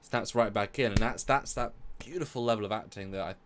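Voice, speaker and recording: A man's voice: lowish voice, a little fast, noisy background. A man co-hosting a live review stream, talking enthusiastically and rambling with many restarts. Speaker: co-host of a live review show. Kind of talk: casual live-stream discussion.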